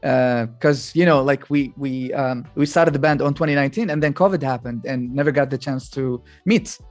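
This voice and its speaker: Relaxed male musician guest from Kuwait. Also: medium pitch, normal speed, soft background music. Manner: relaxed, hesitant, many fillers. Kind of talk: casual podcast interview.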